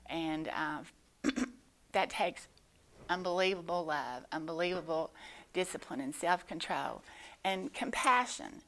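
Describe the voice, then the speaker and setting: Woman, lowish voice, Sunday school teacher, patient, halting delivery. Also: creaky. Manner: gentle, explanatory, many pauses and fillers. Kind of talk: children's Bible lesson. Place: church.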